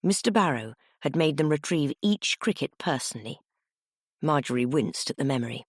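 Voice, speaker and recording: A woman reading an audiobook aloud in a low, husky voice. Her delivery is animated, with a wide and lively pitch, and the recording sounds dry and close. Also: moderate pace, no echo. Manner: expressive, animated storytelling. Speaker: audiobook narrator. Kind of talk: scripted audiobook narration.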